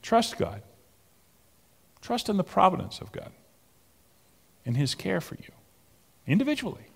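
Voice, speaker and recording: A man preaching a sermon, moving between loud emphatic peaks and soft near-whispers. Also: high-pitched, big pitch swings, measured pace, gravelly, breathy edge, big-room sound. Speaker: pastor.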